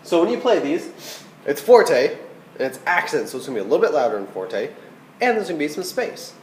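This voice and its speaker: A man's voice: a little high, sing-song, brisk, echoey room, slight background noise, low-quality recording. A man teaching a recorded flute lesson, patient and checking in with "okay?" as he explains. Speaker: band teacher.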